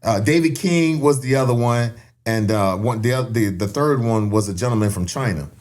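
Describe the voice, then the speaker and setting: A man in his thirties from Elgin, telling a story on a podcast in a casual, animated way and laughing often. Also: mid-range voice, moderate pace. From Elgin, Illinois. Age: 30s. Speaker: podcast guest.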